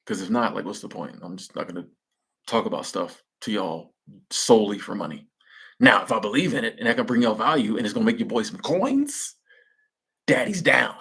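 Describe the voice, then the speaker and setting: A man's voice: lowish voice, expressive, a little fast, vocal fry, a bit bright, slightly rough. A young man hosting a live stream, chatting casually with viewers in slangy speech and laughing at his own jokes. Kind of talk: casual chat reading viewer comments.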